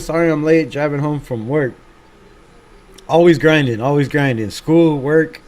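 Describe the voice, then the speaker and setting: Guy on a fan livestream, slightly high voice, laid back, reads chat comments, cusses a bit. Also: measured pace, darkish tone. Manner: laid-back, chatty, swears casually, laughs at himself. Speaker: fan channel livestream host.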